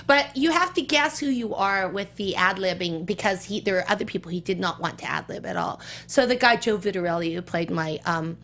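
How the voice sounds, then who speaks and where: An actress in an interview, telling anecdotes and acting out other people's lines with sudden jumps in pitch. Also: female voice, brisk, few pauses. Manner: animated, acts out quotes with big pitch jumps. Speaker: guest actress.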